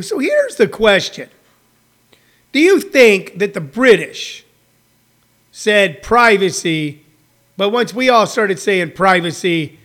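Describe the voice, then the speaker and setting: A man's voice: sits high, big pitch swings, takes it slowly, pauses often, fairly bright tone. A man, a stand-up comedian, chatting casually on a livestream, riffing and rambling with frequent fillers.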